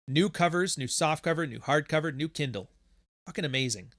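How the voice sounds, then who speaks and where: A man's voice: fairly high pitch, fairly quick, fairly bright tone, dry recording, clean studio sound. Profane, rambling man hosting a podcast. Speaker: podcast host. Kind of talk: casual livestream chat.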